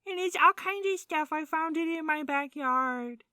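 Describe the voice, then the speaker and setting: A very high, bright little-boy voice, as a woman puts him on, eager and pleading. He sounds sweet and earnest, with a childish lilt. The sound is dry and close. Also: moderate pace, dry recording.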